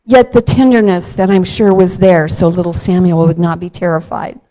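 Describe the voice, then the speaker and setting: A woman telling a Bible story to a child, gentle and slow with dramatic emphasis on key moments. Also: on the low side, fairly even intonation, low-quality recording.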